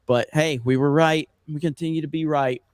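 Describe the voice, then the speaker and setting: A man's voice: fairly high pitch, steady tone, normal speed, smooth, no room sound. A man hosting a live-stream show, bantering and laughing with his panel. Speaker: host. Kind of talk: casual live-stream chat.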